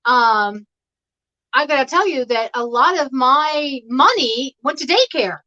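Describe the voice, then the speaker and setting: A woman's voice: high-pitched, animated, measured pace, pushed and bright. A woman talking casually as a guest on a home livestream, rambling and laughing often over a video call. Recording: dull lo-fi stream audio.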